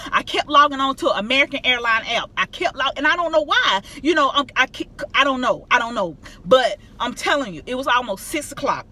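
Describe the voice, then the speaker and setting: A middle-aged woman vlogs to her viewers and calls them y'all. She tells her story in a casual, emphatic and animated way. Her voice is bright and forceful and sits a bit high. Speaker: vlogger.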